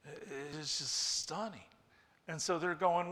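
Male pastor, lively sermon delivery, fairly high bright voice, long hall reverb. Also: slow pace. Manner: animated, acts out quoted voices.

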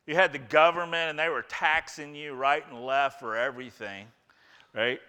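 Man preaching, bright crisp voice, emphatic, repeats phrases, long hall reverb. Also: fairly high pitch, steady tone, moderate pace. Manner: emphatic, repeats key phrases, swings from loud to hushed. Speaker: pastor. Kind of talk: sermon.

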